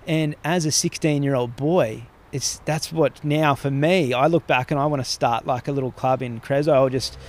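A man's voice: mid-range voice, normal speed, hardly any pauses. An Australian man talking as a podcast guest, rambling through stories and swearing freely in casual conversation.

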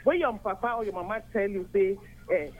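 An older woman from Nigeria with a Nigerian accent, calling in to a radio chat and explaining at length, earnest and steady. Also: medium pitch, fairly quick, phone-quality sound. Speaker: caller.

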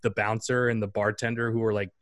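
Guy in his 30s telling a story, animated, does funny voices, dry mic. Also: fairly low pitch, fast talker, dry recording. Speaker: guest. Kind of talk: casual storytelling.

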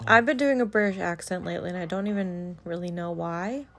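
A woman co-hosting a horror-game let's play, chatting casually and softly with her partner, often giggling. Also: fairly low pitch, a little fast. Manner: soft-spoken, giggly, laid-back. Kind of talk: casual gameplay chat.

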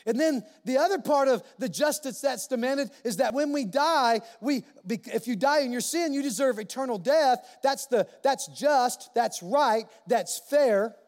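A male pastor preaching a sermon in a church, animated and emphatic, repeating key phrases for weight. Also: very high voice. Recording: long reverb of a large hall.

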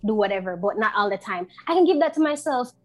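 A woman's voice: mid-range voice, expressive, fast talker, soft background music. A woman co-hosting a podcast, talking emphatically and bluntly in casual chat, mixing in patois. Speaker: podcast co-host.

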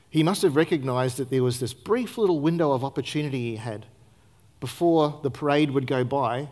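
A man preaching a sermon to his church as pastor, earnest and emphatic, asking the congregation rhetorical questions and rising and falling in loudness for stress. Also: medium pitch. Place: church service.

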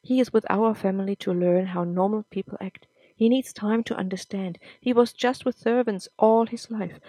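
Woman reader as a gentle, warm-hearted mother, soft and reassuring. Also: mid-range voice, fairly even intonation, moderate pace, no echo, close to an everyday voice. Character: kind, caring mother.

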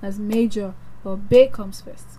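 A woman's voice: medium pitch, fairly even intonation, unhurried, mellow, low-quality recording. A young Nigerian woman hosting a radio talk show, playful and teasing in casual chat, spelling out social media handles.

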